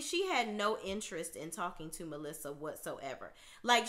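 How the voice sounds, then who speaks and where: A woman with a bright, forward voice recapping a reality show. She rants with sass and blunt opinions, talking at a mid pitch and getting fired up. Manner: sassy, outspoken, animated ranting. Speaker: TV recap commentator.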